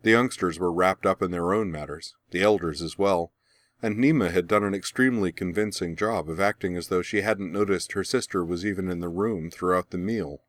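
Man, narrator, audiobook, calm, deep voice, dry studio sound. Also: a little fast, no room sound.

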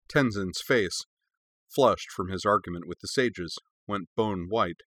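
Man narrating a story, low voice. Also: measured pace, a bit bright, no echo, studio quality. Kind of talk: audiobook reading of fiction.

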